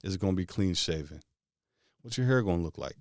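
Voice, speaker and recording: Man, very low voice, dry close sound, guided visualization, rapid-fire casual questions. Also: lively intonation, no room sound. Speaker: motivational speaker.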